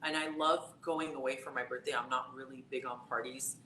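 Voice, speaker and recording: Bright-voiced woman telling a chatty story. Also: very deep voice, steady tone, a little fast. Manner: chatty storytelling, many fillers. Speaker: psychic tarot reader. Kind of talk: casual live-stream conversation. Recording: roomy echo with faint background noise.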